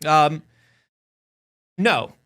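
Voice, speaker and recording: A man's voice: fairly high pitch, extremely slow. A man co-hosting a casual talk show, telling a long funny story and acting out the voices of the people in it. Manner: animated storyteller, acts out quoted voices. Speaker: podcast co-host.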